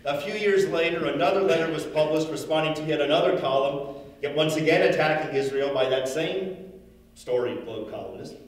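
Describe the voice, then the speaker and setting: A man's voice: a little high, brisk. A man speaking at a memorial, reading a letter aloud in an imitation of the late man's voice. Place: large synagogue hall. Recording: echoey hall from far off.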